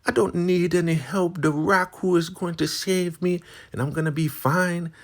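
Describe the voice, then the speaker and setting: A man voicing a haughty older woman cult elder in a high, scornful voice. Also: sing-song, moderate pace, a bit bright, husky, heavily acted. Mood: defiant.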